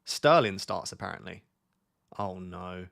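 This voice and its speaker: This young British host keeps his live stream casual, chatting and voicing questions from the chat. His voice is low, creaky and fairly bright, with lively intonation and a measured pace.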